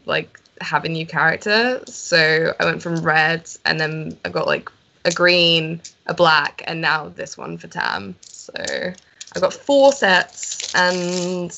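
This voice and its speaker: A woman's voice: on the low side, pushed and bright. A woman chatting casually on a tabletop gaming stream, enthusiastic and self-mocking, with some swearing. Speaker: tabletop game player.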